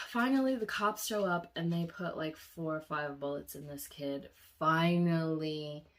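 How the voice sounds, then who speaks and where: A young woman vlogging about a nightmare, telling it casually and leaping into high, shouted voices for the people in her dream, then dropping to a soft murmur. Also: normal speed. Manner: animated storyteller, acts out quoted voices with sudden high pitch jumps; drops to a soft, low murmur when reflecting.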